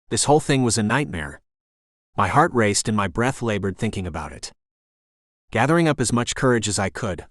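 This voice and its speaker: A young adult man narrating a first-person romance audiobook in a measured, anxious inner voice. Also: fairly low pitch, fairly bright tone, dry recording, clean studio sound.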